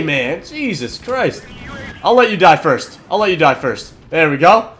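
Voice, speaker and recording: A young man hosting a gaming channel, giving excitable commentary over his match, swearing and yelling at kills. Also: fairly high pitch, a little slow. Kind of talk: gameplay commentary.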